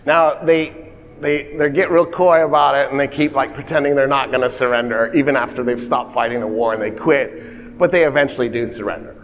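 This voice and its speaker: A man's voice: medium pitch, steady tone, fairly quick, in a large hall, a little hiss or hum. A man giving a conversational history lecture, with wry asides and frequent self-corrections. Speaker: college lecturer.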